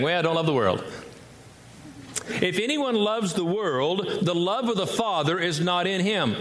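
Man preaching a sermon in an echoey hall. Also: a bit bright. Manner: emphatic, repeats words for effect, wide swings in pitch. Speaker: pastor. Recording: echoey hall, faint ambience.

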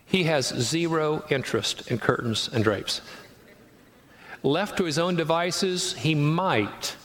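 A man's voice: a little high, slow pace, a bit bright. Male pastor preaching in a reverberant hall. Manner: conversational preaching with acted-out quotes and rhetorical questions. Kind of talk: sermon.

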